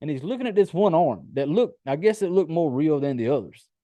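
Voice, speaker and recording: Male podcast host, casual film recap, cusses freely; higher-pitched, warm tone, dry close sound. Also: big pitch swings, fairly quick, dry recording. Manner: loose, profane storytelling with many fillers. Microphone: home computer setup.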